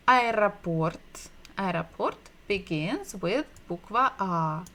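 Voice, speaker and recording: Woman teacher, bright tone, unhurried delivery, patient and repetitive. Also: medium pitch, animated. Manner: patient, repeats sounds slowly for learners; asks the audience questions. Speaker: Russian language teacher. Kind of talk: online language lesson.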